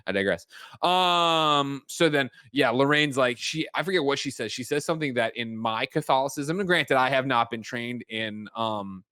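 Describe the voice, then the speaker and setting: Man, podcast recap, animated storyteller, swears freely, dry close sound. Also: mid-range voice, clean tone, no echo. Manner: animated storytelling, acts out characters in quick voices, swears freely. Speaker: podcast host recapping a film. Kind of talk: casual chat.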